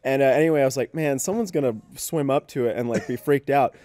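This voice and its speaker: A man's voice: medium pitch, fast, darkish tone, no echo. A man in casual chat with friends, recounting a beach story in a laid-back way with casual swearing.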